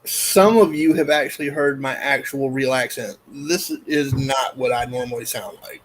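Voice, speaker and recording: A man's voice: mid-range voice, moderate pace, low-quality recording. A man hosting a casual chat, telling stories in a joking, self-deprecating way.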